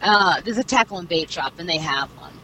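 A woman's voice: on the low side, lively intonation, fairly quick, bright, forceful tone, rough recording. A young woman casually retelling a story with lots of fillers and asides, swearing freely. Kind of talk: casual chat, retelling a series plot. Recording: clear background noise.

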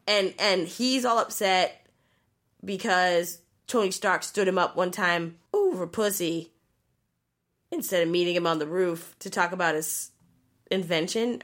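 A woman's voice: lowish voice, unhurried, fairly bright tone. A woman co-hosting a casual podcast, ranting animatedly and swearing freely. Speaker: podcast co-host.

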